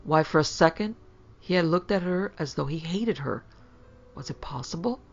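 A woman narrating a classic ghost story for a podcast in a measured, dramatic reading. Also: low voice, creaky, a little mellow, husky. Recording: slightly dull lo-fi sound.

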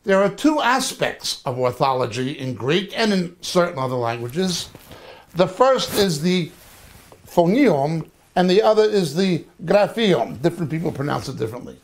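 A man teaching a lecture on biblical languages, slow and deliberate, repeating terms to drill them in. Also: a little high, big pitch swings. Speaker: Bible teacher.

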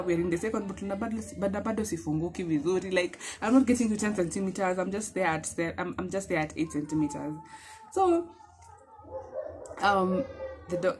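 A young woman with a Kenyan accent telling a personal story in a vlog, animated and emphatic, mixing in Swahili phrases. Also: medium pitch, background noise. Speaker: vlogger.

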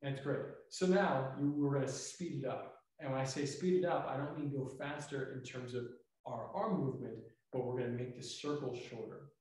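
A relaxed man coaches tai chi, talking while he moves through the exercise and explaining it with many fillers in an instructional demonstration. His pitch is medium and his pace moderate. The room is echoey and the mic is far off.

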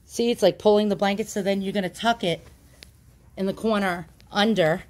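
A woman's voice: medium pitch, steady tone, normal speed, darkish tone. Chatty woman filming on a handheld phone. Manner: chatty, self-deprecating, many fillers. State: out of breath at times. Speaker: YouTube channel host. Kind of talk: casual how-to demonstration.

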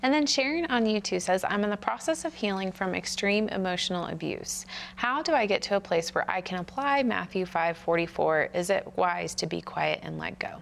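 A woman's voice: mid-range voice, fairly quick, gravelly, hardly any pauses, a little hiss or hum. A woman co-hosting a live online Bible study, reading viewer questions aloud and affirming the teacher with frequent amens.

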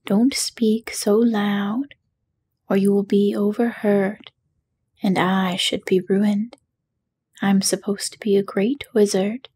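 Whispered role-play: woman doing a trembling old fake wizard, slow and breathy, low-key storybook voice. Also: little pitch movement, warm tone. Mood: meek. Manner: trembling, meek and pleading. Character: timid little old man posing as wizard.

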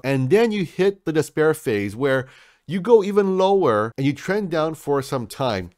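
A man's voice: fairly high pitch, big pitch swings, normal speed, no echo, studio quality. A man hosting a crypto channel, giving hyped market commentary in a salesy way and calling his viewers folks.

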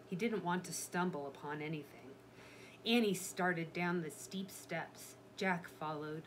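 A woman reading a children's chapter book aloud in a steady storytelling manner. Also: lowish voice, unhurried, slight background noise. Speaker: reader.

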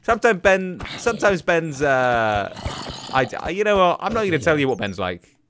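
A man hosting a let's play, giving casual gaming commentary and excitedly talking to himself and the creatures in the game. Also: on the high side, moderate pace, noisy background. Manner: excitable, talks to himself and the mobs. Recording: game music underneath.

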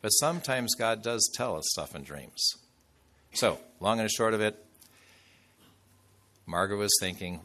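A bishop gives a sermon, a man with a very low voice and a forceful, bright edge. He tells his story conversationally, with fillers and asides to the congregation. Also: animated, measured pace, long pauses. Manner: conversational, loose anecdotes with fillers.

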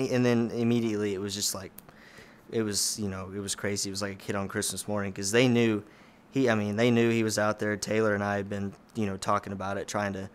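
A man's voice: lowish voice, fairly bright tone. A young man, telling a hunting story in a casual, rambling way full of "you know" and "like.". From Oklahoma. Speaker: hunter guest.

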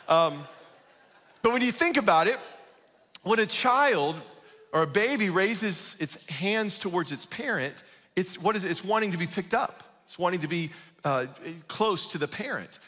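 A pastor giving a conversational, emphatic sermon, often checking in with the congregation. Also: male voice, high-pitched, expressive, normal speed, bright, forceful tone, long reverb tail. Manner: conversational, emphatic, asks "right?".

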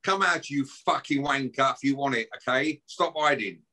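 A man's voice: mid-range voice, moderate pace, bright, forceful tone. A middle-aged man, guest on a podcast, ranting aggressively and swearing and taunting as he talks. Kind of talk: heated podcast rant.

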